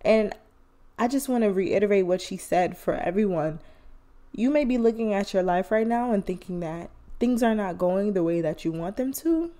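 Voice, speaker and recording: A woman's voice: a little high, mellow. A woman hosting a podcast, speaking in an earnest, encouraging casual monologue. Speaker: podcast host. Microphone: phone headphone mic or podcast mic.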